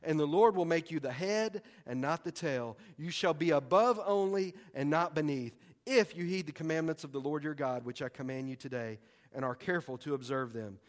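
A man preaching a sermon in a folksy, excitable way, breaking into sudden loud bursts. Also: a little high, moderate pace. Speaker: pastor. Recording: long hall reverb.

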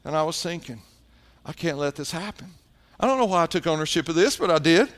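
A male pastor with a fairly high voice delivers a sermon as a story. He moves between animated retelling and quiet, hushed emphasis. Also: a little fast.

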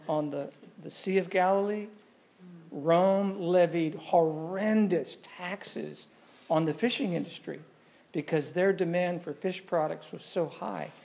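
Gravelly man preaching to a congregation. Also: sits high, a little mellow. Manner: conversational, asks the audience questions. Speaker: pastor. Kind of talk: sermon.

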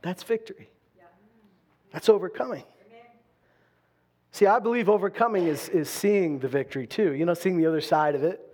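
A man with a high voice delivers a sermon. He drives hard in loud passages, then drops to quiet, low-spoken stretches. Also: moderate pace, long pauses. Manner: dynamic preaching, swings from loud bursts to quiet lows. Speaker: pastor.

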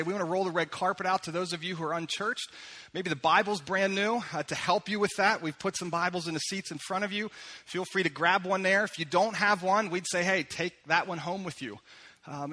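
A man preaching a sermon in a church, talking conversationally and slowing down to read scripture aloud. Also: high-pitched, sharp tone. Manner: conversational preaching, slows down when reading scripture. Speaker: pastor. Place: church sanctuary.

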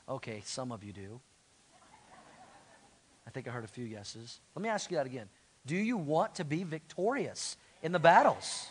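A middle-aged male pastor delivers a sermon in a high, bright voice. He preaches with animated energy and calls on the congregation to answer back. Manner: animated, call-and-response with congregation.

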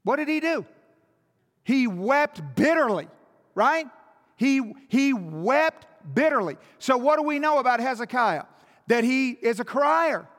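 A man's voice: extremely high pitch, a bit bright. A man preaching a sermon in a church, emphatic and full of rhetorical questions. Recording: long hall reverb.

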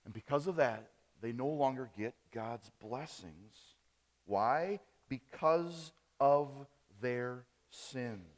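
A man from Wisconsin preaching a sermon as pastor, rising on key phrases and dropping soft at the ends of lines. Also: medium pitch, slow. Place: church sanctuary. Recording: reverberant church hall.

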